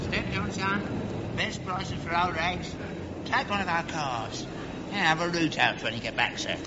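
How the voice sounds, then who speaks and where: An actor playing a cantankerous, patriotic old rag-and-bone man and war veteran, boastful and quick to pick a quarrel. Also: sits high, long reverb tail, highs cut off, very noisy. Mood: hawking. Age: older. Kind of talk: sitcom acting.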